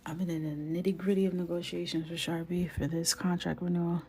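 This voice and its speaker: Gravelly-voiced woman chatting on a live stream. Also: fairly low pitch, flat delivery, fast talker, soft background music. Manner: chatty, greets viewers by name, drifts into soft whispers. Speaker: illustrator live-streaming while coloring. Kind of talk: casual live-stream chat.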